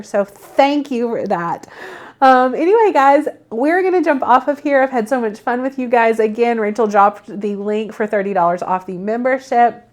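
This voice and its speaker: A woman in her thirties co-hosting a crafting live stream, chatting casually and laughing often. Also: on the high side. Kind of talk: casual chat.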